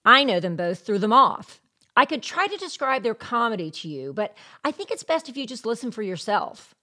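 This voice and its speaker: A woman's voice: fairly high pitch, big pitch swings, normal speed, bright, forceful tone. A woman hosting a podcast, reading scripted introductions in an enthusiastic way. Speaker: podcast host.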